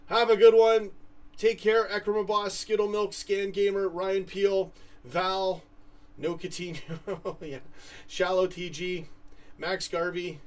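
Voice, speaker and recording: A man's voice: high voice, steady tone, slow pace, distant mic. A young man from Canada hosting a casual live stream, rambling as he reads viewers' comments from home. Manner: rambling, chatty, trails off and restarts. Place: home room with a computer fan humming.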